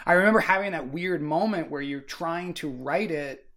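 A man talking casually about a book with friends. His voice sits a bit higher than most men's. He rambles, circling his point with constant fillers. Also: moderate pace, a crowd in the background. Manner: rambling, full of "like" and "you know". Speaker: book discussion co-host. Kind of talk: casual chat.

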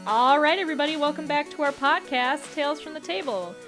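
A woman hosting a tabletop game podcast as dungeon master, chatting casually over a video call, self-deprecating and quick to laugh. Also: high-pitched, over loud music. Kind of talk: casual game-night chat.

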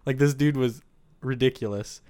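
A man's voice: medium pitch, normal speed, warm tone, clean tone, no room sound. A man in casual chat, teasing his co-host and retelling a listener's story.

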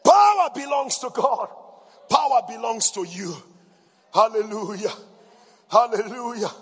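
A man preaching a fiery sermon, shouting and chanting repeated declarations and prayers. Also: very high voice, lively intonation, measured pace, slightly rough, in a large hall.

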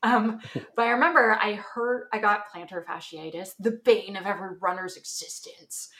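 Woman from canada, chatty guest, lots of likes and ums, lively storytelling. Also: mid-range voice, normal speed. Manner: chatty, animated storytelling with many fillers. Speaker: podcast guest. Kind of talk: casual chat.

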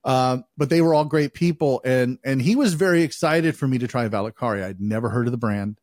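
A man's voice: mid-range voice, brisk, a little mellow, no room sound, studio quality. A man co-hosting a podcast, telling stories in a loose, rambling, profane way with lots of fillers. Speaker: podcast co-host. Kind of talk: casual chat.

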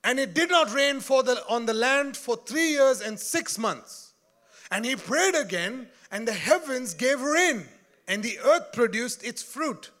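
Lively, bright-voiced male preacher. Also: extremely high pitch, unhurried. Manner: animated, joking, laughs at his own jokes, calls on the congregation. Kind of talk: sermon.

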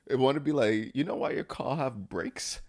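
A man's voice: mid-range voice, normal speed, a little mellow. A man co-hosting a casual podcast, riffing with strong opinions and sports comparisons. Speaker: podcast co-host. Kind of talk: casual chat.

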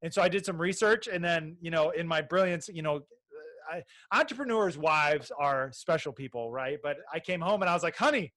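A man's voice: on the high side, a little fast, a bit bright. A middle-aged man telling an entrepreneur story in casual chat, rambling with many restarts and fillers. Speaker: podcast guest, baby sleep business owner.

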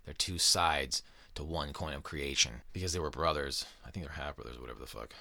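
A man's voice: extremely low pitch, fairly quick, vocal fry, pushed and bright, no room sound, studio quality. A man hosting a casual podcast, talking in a profane, rambling and sarcastic way. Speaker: podcast host. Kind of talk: casual chat.

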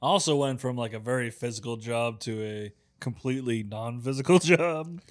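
A man co-hosting a podcast, telling relaxed, profane stories and laughing along. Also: mid-range voice, normal speed. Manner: laid-back, profane, laughs through stories. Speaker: podcast co-host. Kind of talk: casual chat.

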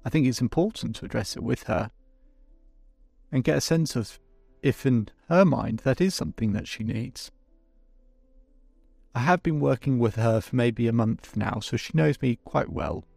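A man's voice: mid-range voice, creaky, darkish tone, husky, dry recording, faint music behind. A man working as a life coach, speaking reflectively to his listeners and his client, often restarting his sentences. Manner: reflective, halting with many restarts. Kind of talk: coaching session with asides to listeners.

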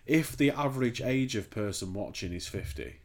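A podcast co-host chats casually, rambling and swearing, and laughs easily. His voice is mid-range and animated, at a normal speed.

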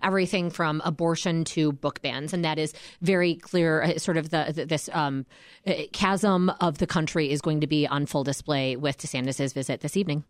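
A woman political correspondent breaks down the news on a radio panel, stopping often for fillers. Her voice is slightly low and close-miked. The room sounds dry. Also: fairly even intonation, moderate pace, no room sound. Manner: analytical, with frequent fillers.

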